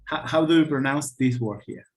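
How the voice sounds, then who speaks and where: A man's voice: fairly high pitch, rough recording. Man teaching English with a Spanish accent. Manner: halting, many fillers and restarts, checks in with "right?". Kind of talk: online English class. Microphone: video call.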